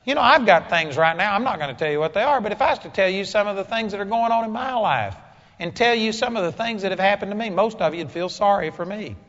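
A man preaching a sermon with a blunt, emphatic delivery that builds to loud exclamations, in a dull, echoey hall recording. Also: high-pitched, fast.

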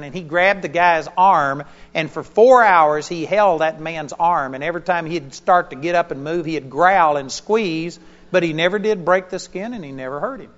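Animated high-voiced preacher in a hall. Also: male voice, highs cut off. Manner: animated storyteller, voice jumping up and down in pitch and loudness. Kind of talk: sermon with personal storytelling.

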